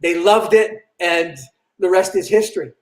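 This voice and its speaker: Animated older Boston comedian, high voice. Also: male voice, normal speed, roomy sound. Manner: lively, laughs often, slips into character voices. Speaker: comedian guest. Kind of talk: animated storytelling.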